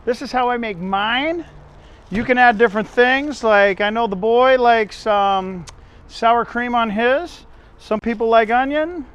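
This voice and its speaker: Man, high voice, casual cooking video host, rambling, chatty asides to viewers. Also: fairly bright tone, clean tone. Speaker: home cook and channel host.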